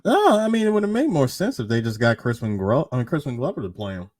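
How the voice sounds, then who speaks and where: Podcast dude, normal pitch, expressive, always pushing back on his friends. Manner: argumentative, quick to push back. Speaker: podcast co-host. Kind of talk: casual movie-review banter.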